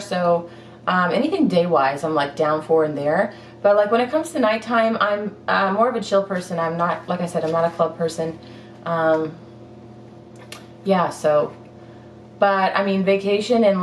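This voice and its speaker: A woman's voice: medium pitch, slight background noise. Chatty young woman in an echoey room. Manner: chatty, rambling, giggly, lots of fillers. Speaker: fitness vlogger. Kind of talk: casual Q&A chat. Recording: echoey room, mic at a distance.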